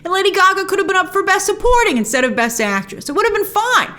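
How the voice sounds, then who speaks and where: A woman hosting a spoiler movie review, opinionated and animated, acting out lines she quotes. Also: extremely high pitch, quick pace.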